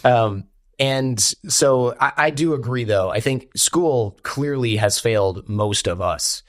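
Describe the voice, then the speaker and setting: A man, a podcast guest telling stories in an animated way and quoting people in character. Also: mid-range voice, slow, no room sound, clean studio sound. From United States. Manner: animated storyteller, quotes others in character. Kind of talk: conversational interview.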